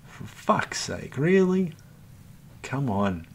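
A man's voice: mid-range voice, big pitch swings, extremely slow, vocal fry, husky. A man gives running commentary over his own gameplay as the channel host. He grumbles, swears freely and talks to himself and his viewers. His tone stays exasperated throughout.

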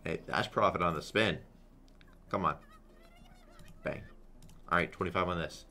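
A young man giving casual, excitable commentary while playing a slot game, swearing freely. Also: low-pitched, measured pace. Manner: excitable, swears a lot, chants "come on". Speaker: slot streamer. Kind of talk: live gambling commentary.

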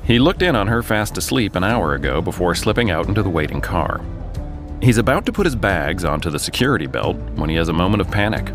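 A man's voice: deep voice, sing-song, quick pace. An American man hosting a podcast, narrating a true story dramatically with jokey asides. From United States. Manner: dramatic storytelling, jokey banter between scenes. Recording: voice over a music bed.

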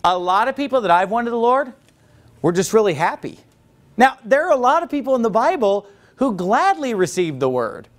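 A man preaching a sermon as pastor, animated, acting out quoted voices and often restarting. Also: very high voice, brisk. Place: church.

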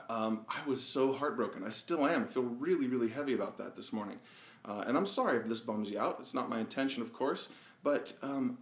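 Earnest man, slightly breathless, echoey room. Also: mid-range voice. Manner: earnest and reflective, with frequent pauses and fillers. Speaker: vlog host. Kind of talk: personal video monologue. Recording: roomy echo.

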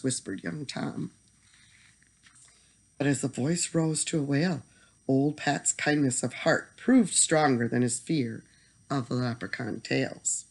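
Casting: a mid-pitched, expressive bedtime story reader. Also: slow pace, gravelly.

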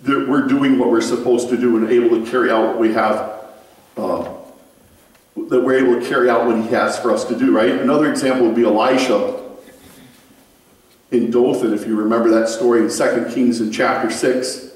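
A man preaching a sermon as a pastor, telling stories in a conversational, animated way and turning to people in the congregation. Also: mid-range voice, normal speed. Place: church sanctuary. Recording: very echoey room, mic far off.

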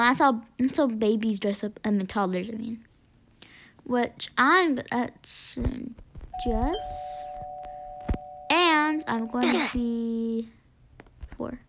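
High-pitched woman playing a game, slow bubbly chatter, lots of gasps and little whispers. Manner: excitable and chatty, gasps often and drops to whispered asides. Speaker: gaming video creator. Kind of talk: gameplay commentary.

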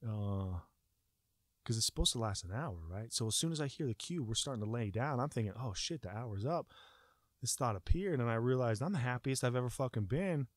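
A young man telling a personal story in a casual, profane way, acting out his own panic with sudden shouts. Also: mid-range voice, animated, brisk, no echo.

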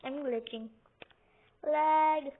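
Young woman, high and unhurried, giggly rambling game commentary, lo-fi phone-quality sound. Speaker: gaming video host. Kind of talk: casual gameplay commentary. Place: home, lying on a couch. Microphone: phone or computer mic, sometimes covered by her hand. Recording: tinny phone-like audio with faint hiss.

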